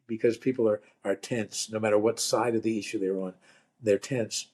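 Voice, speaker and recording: An older man, a rabbi turned comedian, telling stories and jokes in a relaxed, wry conversational way. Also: fairly low pitch, normal speed. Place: lives in Vermont.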